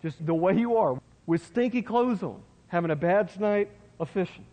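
A man's voice: high-pitched, lively intonation, moderate pace, dark tone. A man preaching a sermon in a folksy, conversational way, with asides to his listeners. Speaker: pastor. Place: church sanctuary. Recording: long hall reverb.

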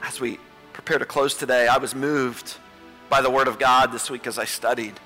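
Bright-voiced pastor preaching in a hall. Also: male voice, steady tone, moderate pace. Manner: repetitive, swinging between pleading highs and hushed lows. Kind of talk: sermon. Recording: reverberant hall with soft music.

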